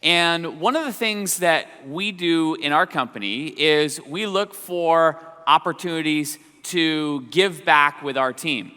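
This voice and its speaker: A man's voice: on the high side, slow, hardly any pauses, bright, forceful tone, clear, resonant tone. A man guest speaker presenting to an audience in an encouraging way. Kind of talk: presentation talk. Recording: long hall reverb.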